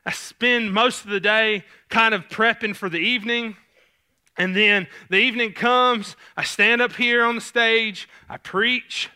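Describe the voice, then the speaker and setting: Southern male youth pastor, easygoing sermon delivery, higher-pitched with a crisp bright tone. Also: fairly even intonation, a little slow. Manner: casual, conversational preaching with many fillers. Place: church sanctuary stage.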